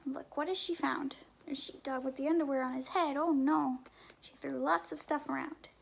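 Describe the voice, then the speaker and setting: A woman reading a picture book aloud to children, asking them gentle questions and often dropping to a whisper. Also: sits high, steady tone, moderate pace, vocal fry. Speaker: story time reader.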